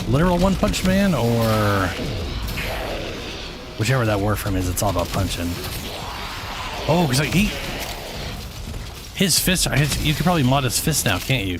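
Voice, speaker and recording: A man's voice: fairly low pitch, lively intonation, normal speed, pauses often, music in the background. A man streaming a game, giving laid-back, mumbled commentary to himself. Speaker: gaming streamer. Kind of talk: casual gameplay commentary.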